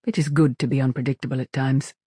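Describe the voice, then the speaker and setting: A man doing a gentle, kindly crewman. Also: mid-range voice, little pitch movement, quick pace, husky, dry recording, clean studio sound, lightly acted. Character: kind, soft-spoken male ship doctor.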